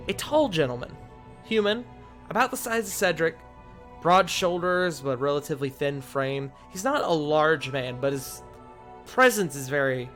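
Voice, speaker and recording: A man's voice: on the high side, fairly bright tone. A man narrating a tabletop role-playing game as game master, describing scenes with frequent restarts.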